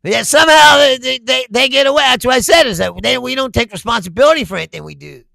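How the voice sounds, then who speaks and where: American guy on a livestream, high voice, super gravelly and bright, swears a lot, reads chat out loud. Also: lively intonation, quick pace, no room sound, studio quality. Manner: profane, reads chat comments aloud and laughs often. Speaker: livestream host. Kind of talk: casual political livestream chat.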